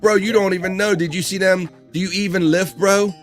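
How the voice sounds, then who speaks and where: A man hosting a casual live stream, loud and joking, laughing often with crude banter. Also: sits high, steady tone, brisk, faint music behind. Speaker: host.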